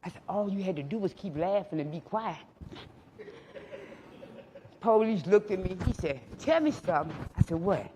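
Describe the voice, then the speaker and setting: Middle-aged guy, high voice, telling funny stories in an echoey hall, does all the voices himself. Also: normal speed, long pauses, a little hiss or hum. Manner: animated storyteller acting out both sides of the dialogue; colloquial, laughing through his stories. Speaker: recovery speaker. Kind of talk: storytelling talk to a live audience.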